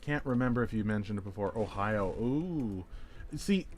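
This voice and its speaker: A man's voice: on the low side, animated, normal speed, a little mellow. Chatty male game streamer. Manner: chatty, rambling, reacts to chat messages; jokey, playful wordplay. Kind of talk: casual gameplay chat.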